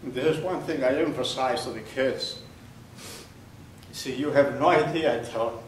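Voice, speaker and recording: Older man speaking in an echoey hall. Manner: slow, deliberate storytelling, voice dropping low and quiet at grave moments. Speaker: Holocaust survivor speaker. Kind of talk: testimony talk to an audience. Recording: echoey hall recorded from far off, faint noise.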